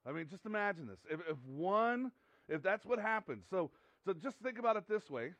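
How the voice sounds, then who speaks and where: A man's voice: high voice, big pitch swings, brisk, fairly bright tone, no echo. A man preaching a sermon in an earnest, conversational way, often repeating himself and restarting sentences. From United States. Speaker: pastor.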